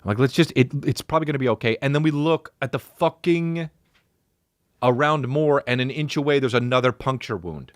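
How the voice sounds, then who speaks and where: A profane podcast host spins a comic tale, acting out voices for the humans and the dog in it. His mid-range voice runs a little fast, and the clean studio recording has no echo.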